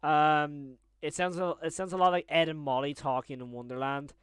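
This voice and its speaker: Young man, live stream commentary, fairly high voice, rambling and excitable, dry close sound. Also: moderate pace, clean tone, no room sound. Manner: chatty, rambling, easily excited.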